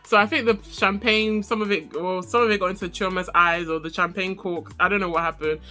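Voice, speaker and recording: Woman, young, bright lively recap host, faint music under. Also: brisk. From Nigeria. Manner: animated, laughs often, mimics people in high voices. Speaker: reality show reviewer. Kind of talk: casual chatty recap vlog.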